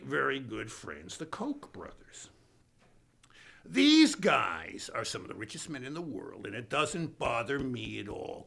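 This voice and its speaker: Boastful man doing a comedy pundit bit, bright voice, all over the place in pitch. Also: creaky. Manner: boastful, bombastic, swinging between booming and hushed asides. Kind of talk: comic stand-up monologue.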